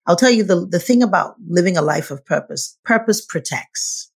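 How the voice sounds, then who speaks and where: A woman coach speaking as a podcast guest in an animated, preacher-like way, weaving scripture into her points. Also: fairly low pitch, normal speed, breathy edge. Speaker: guest, feminine leadership coach. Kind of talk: conversational interview.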